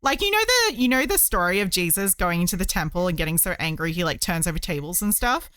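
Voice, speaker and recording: Chatty woman streamer, lively voice. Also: on the low side, quick pace, no echo, studio quality. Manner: chatty, rambling, lots of fillers. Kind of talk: casual chat while crocheting.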